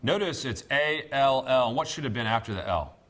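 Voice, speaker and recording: A man teaching a classroom Greek lesson, speaking deliberately with many pauses and fillers. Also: medium pitch, animated, a bit bright. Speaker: seminary professor.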